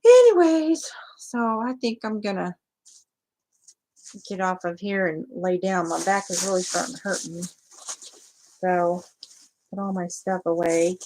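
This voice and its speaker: A woman's voice: fairly low pitch, steady tone, measured pace, pauses often, a little mellow. A woman rambling chattily to viewers of her livestream, full of fillers. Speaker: crafting livestream host. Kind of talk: casual livestream chat.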